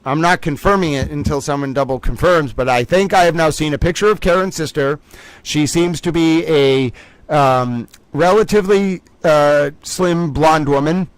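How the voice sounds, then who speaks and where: A man's voice: fairly high pitch, normal speed, no echo, low-quality recording. A man hosting a casual commentary livestream, rambling playfully with mock-grand asides. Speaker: livestream host.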